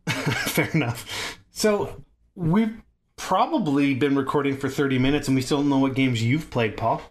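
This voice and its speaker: A man co-hosting a gaming podcast in casual chat, talking in an animated way, swearing freely and laughing often. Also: mid-range voice, a little slow. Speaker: podcast co-host.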